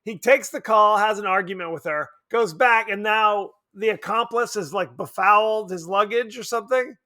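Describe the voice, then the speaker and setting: A man from Palm Springs co-hosting a podcast, chatting casually about a horror film, animated and quick to laugh. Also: high voice. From Palm Springs, California. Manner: animated, laughs often, acts out quotes. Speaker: podcast co-host.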